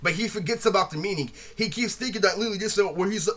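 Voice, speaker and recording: Man, rambling profane monologue; fast, high and bright-toned. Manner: rambling, repeats "literally" constantly, blunt and profane. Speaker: vlogger retelling a feud. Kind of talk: ranting monologue.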